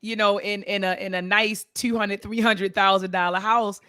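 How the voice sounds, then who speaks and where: A woman's voice: mid-range voice, steady tone, normal speed, pushed and bright, dry recording, studio quality. A woman in a casual book club discussion, talking with many fillers and reading passages aloud. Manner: conversational, filler-heavy, reads passages aloud.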